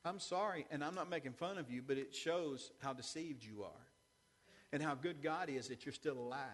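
Pastor, male, high voice, lively sermon delivery with "amen?" asides, long church reverb. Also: moderate pace. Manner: animated preaching with call-and-response asides. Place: church sanctuary.

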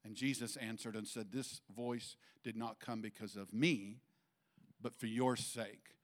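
A man preaching a sermon to a church congregation, halting with fillers and restarts, his voice lifting higher and louder when he presses a point. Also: steady tone. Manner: rises in pitch and force when making a point. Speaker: pastor.

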